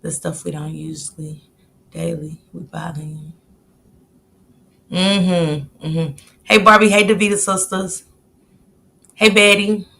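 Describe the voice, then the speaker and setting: A woman's voice: lowish voice, steady tone, slow pace, gravelly, long pauses, bright, forceful tone, a little hiss or hum. A woman in her late forties hosting a live stream, chatting casually and greeting viewers by name. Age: 40s. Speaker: livestream host.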